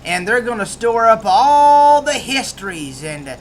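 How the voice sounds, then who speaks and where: A man's voice: very high voice, very animated, unhurried, slight background noise. Rambling man with a rural American accent. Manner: rambling with many restarts and fillers. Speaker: book reviewer. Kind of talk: casual book review.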